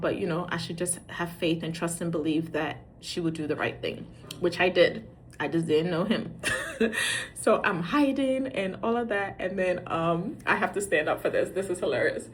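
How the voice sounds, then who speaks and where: A middle-aged woman telling a funny parenting story in a casual, animated way. She acts out the dialogue and pokes fun at herself. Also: medium pitch, a little hiss or hum. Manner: animated, acts out quoted dialogue, self-mocking. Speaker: parent sharing dating advice.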